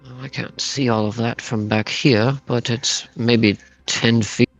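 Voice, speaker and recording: A man's voice: mid-range voice, fairly even intonation, a little slow, dry recording, dull audio, faint music behind. A man playing a tabletop game casually, hesitant and repeating words. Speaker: player.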